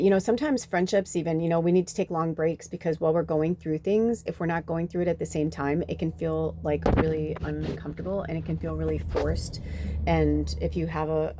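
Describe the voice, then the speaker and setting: A woman's voice: low-pitched, slight background noise. Chatty, swearing woman spiritual host. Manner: chatty and animated, full of fillers and swearing. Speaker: spiritual reader, channel host. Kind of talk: casual spiritual storytelling to camera.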